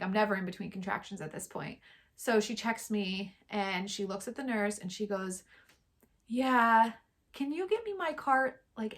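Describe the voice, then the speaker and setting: A woman in her thirties telling a personal story in a casual, chatty vlog, quoting others in lively bursts. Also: mid-range voice. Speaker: vlogger.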